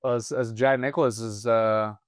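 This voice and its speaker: A man hosting a podcast interview, asking relaxed questions and reacting briefly to his guest. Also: medium pitch, a little slow, clear, resonant tone, no room sound, studio quality. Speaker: podcast host. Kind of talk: casual interview.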